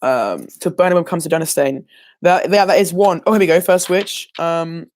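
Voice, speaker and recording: A man's voice: on the high side, fairly quick. A teenage boy revising for an exam on a casual livestream, rambling and hesitant, full of ums and self-corrections. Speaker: student sharing exam revision.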